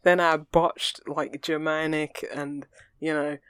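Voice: mid-range voice, little pitch movement, slow, fairly bright tone, clear, resonant tone, dry recording. Rambling podcast co-host, dry sound. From England. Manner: rambling and earnest, full of fillers and restarts. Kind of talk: casual chat.

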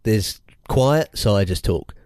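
Speaking slowly in a fairly low voice, a young man co-hosts a podcast and rambles through animated stories, restarting again and again in casual conversation. The sound is clean studio audio with no echo.

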